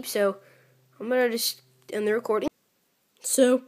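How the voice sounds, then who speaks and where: A young woman playing a mobile game, counting her moves out loud and grumbling as she loses. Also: on the high side, normal speed. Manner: counting moves aloud, mildly frustrated. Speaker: gaming channel creator. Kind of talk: casual gameplay commentary.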